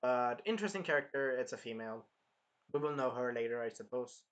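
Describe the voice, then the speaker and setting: A man's voice: medium pitch, expressive, a little fast, fairly bright tone, highs cut off. A man giving a casual, rambling episode review of an anime, loose and a bit profane.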